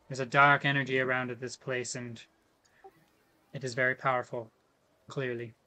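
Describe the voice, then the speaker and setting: A man's voice: mid-range voice, level tone, moderate pace, long pauses, pushed and bright. A man playing a tabletop game, speaking both in and out of character in a firm, matter-of-fact way. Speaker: player. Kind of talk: tabletop role-play.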